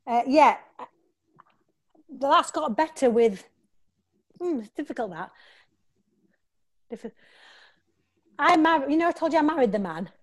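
Woman, slightly high pitch; talkative actress, animated storyteller prone to restarts. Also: a little slow, long pauses. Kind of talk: casual interview.

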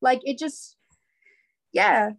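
A young woman streamer with a high voice tells stories bluntly and swears freely in casual chat. She is from the United States and speaks into a dry, close sound. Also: animated, very slow, vocal fry, dry recording, low-quality recording. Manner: blunt, profane storytelling.

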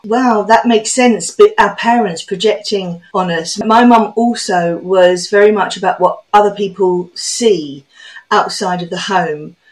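A woman's voice: medium pitch, low-quality recording. Chatty woman hosting a podcast. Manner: reflective, chatty, brisk storytelling. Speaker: podcast host. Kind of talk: conversational interview.

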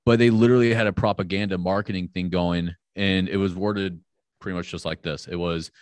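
Low-voiced man ranting bluntly. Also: steady tone, fairly quick, dry recording. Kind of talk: casual heated podcast chat.

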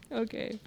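A young woman co-hosting a casual chat, playful and giggly, often breaking into laughter. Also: mellow. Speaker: co-host.

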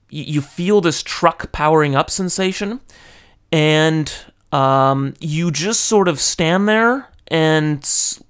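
Brief: lively male storyteller, slightly higher voice, close mic. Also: clear, resonant tone. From California. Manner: animated, dramatic storyteller. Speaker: YouTuber telling a personal story. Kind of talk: casual storytelling monologue. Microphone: close studio microphone.

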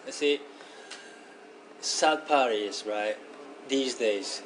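A man chatting casually on a comedy podcast, laid-back and quick to laugh. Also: medium pitch, slight background noise, rough recording. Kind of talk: casual chat.

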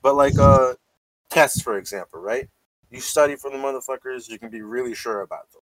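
A man chatting casually and swearing freely, telling stories in an animated way with plenty of "like.". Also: mid-range voice, brisk, no room sound. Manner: profane, animated storytelling full of "like". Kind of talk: casual chat.

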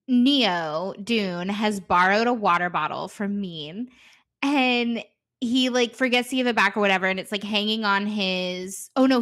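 A young woman with a medium-pitched, fairly bright voice chats casually, animatedly recapping scenes from a show and acting out the characters' lines.

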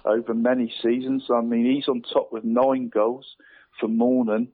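A man phones into a radio sports show with his league round-up, stumbling and repeating words as he goes. His voice sits at an ordinary middle pitch and comes through a thin, tinny phone line. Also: level tone, measured pace. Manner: hesitant, repeats words, says "mate" constantly. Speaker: football league pundit.

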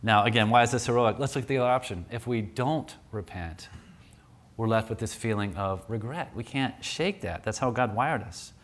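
A man's voice: fairly low pitch, expressive, moderate pace. A man preaching a sermon in a conversational, storytelling way, often restarting his sentences.

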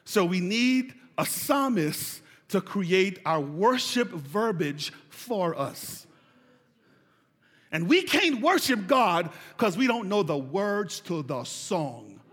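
A man, preaching a sermon with call-and-response and building to shouts. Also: high voice, very animated, slow pace, breathy edge. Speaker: pastor. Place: large church hall. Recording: reverberant church hall.

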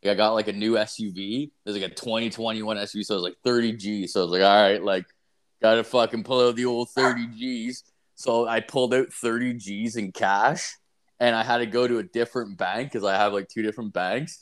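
A man's voice: lowish voice, fairly even intonation, fast. A young man hosting a podcast, telling a story in a rambling, profane, casual way with lots of filler words.

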